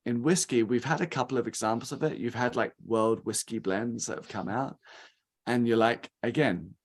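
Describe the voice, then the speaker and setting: A man in his thirties from England, a guest speaker from a rum company, chats casually at a rum tasting in a mid-range voice at normal speed. He is animated and acts out quoted reactions as he talks.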